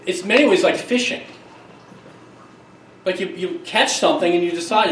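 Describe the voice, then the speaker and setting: A middle-aged man giving a conference keynote, telling stories in an emphatic, lively way with quick asides. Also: high-pitched, slight background noise. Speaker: keynote speaker, psychologist. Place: conference hall. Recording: echoey hall, distant mic, faint ambience.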